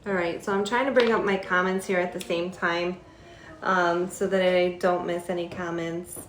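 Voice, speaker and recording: A woman's voice: fairly low pitch, steady tone, normal speed, reverberant, slight background noise. A woman hosting a casual live stream on her phone, chatty and easygoing, laughing now and then as she talks to a pet bird. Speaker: host of a parrot shop's live stream.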